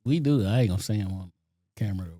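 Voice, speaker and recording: A man co-hosting a casual podcast, chiming in with quick interjections and agreement. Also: lowish voice, dark tone, slightly rough, no room sound, studio quality. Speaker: podcast co-host.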